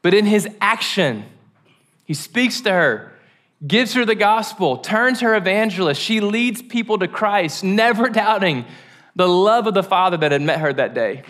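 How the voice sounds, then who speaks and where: A man preaching a sermon, animated and joking, acting out the quoted voices. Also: high-pitched, a little slow.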